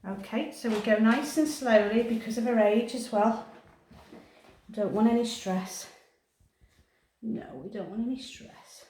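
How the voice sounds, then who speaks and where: A woman, a cat groomer, soothing the cat in gentle cooing words and explaining her work as she goes. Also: on the high side, unhurried, long pauses, slight background noise. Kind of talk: talking through a grooming session. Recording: roomy echoey grooming room.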